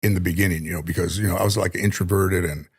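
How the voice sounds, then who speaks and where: A man's voice: low-pitched, fairly even intonation, fast talker, creaky, slightly rough. A man as a comedian guest telling stories casually, swearing often and laughing through his lines. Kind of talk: casual storytelling.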